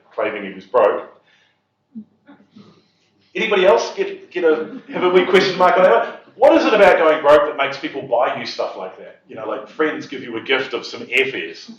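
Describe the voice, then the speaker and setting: A man telling a humorous story to an audience at a property investors' event, chuckling at his own punchlines. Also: mid-range voice. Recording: echoey hall, distant mic, dull sound.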